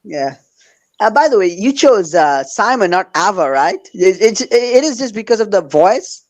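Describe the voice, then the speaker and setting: A man hosting a casual podcast chat, hesitant with lots of pauses and fillers, yet enthusiastic. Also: high-pitched, big pitch swings, rough recording.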